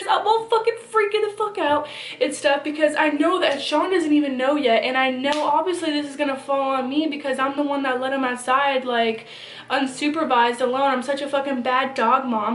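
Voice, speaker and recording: A young woman casually telling a personal story to her camera, animated and swearing freely, with lots of fillers. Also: high voice, roomy sound. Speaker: vlogger. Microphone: camera on a phone or small camera.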